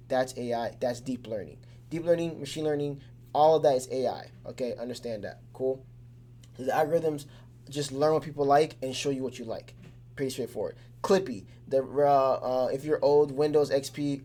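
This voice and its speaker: A man's voice: medium pitch, mellow. Casual man explaining things simply. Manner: loose and conversational, with many fillers and restarts; keeps things simple with everyday examples. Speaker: teacher.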